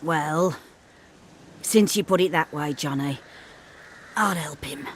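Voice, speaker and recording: A half-mad old grandmother from a video game, rambling and scolding in a slow, drawn-out way. She drifts between suspicion and fond memory. Her speech wanders. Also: low-pitched, a little hiss or hum. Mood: muttering. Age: older. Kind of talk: video game cutscene acting.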